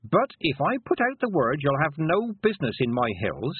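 A stern old countryside witch, as a man puts her on, speaks in a calm, menacing rural dialect. Her voice sits well above the reader's own and comes through thin and tinny, like a phone line, with no room sound at all. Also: on the high side, normal speed, husky, no echo, pitched above the performer's own voice. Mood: coolly menacing.

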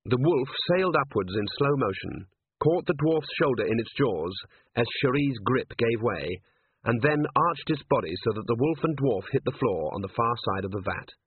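A man narrating an audiobook in an expressive storytelling manner. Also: medium pitch, normal speed, slightly rough, no room sound. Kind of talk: scripted narration. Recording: tinny phone-like, dry.

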